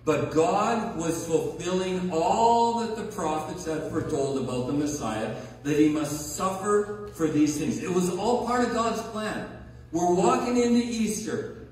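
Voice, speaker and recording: A man's voice: high voice, unhurried, a little mellow. A male pastor preaching a conversational sermon, stressing key words and checking in with his listeners. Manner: conversational, emphatic, checks in with audience. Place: large hall or sanctuary. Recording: echoey hall recorded from far off.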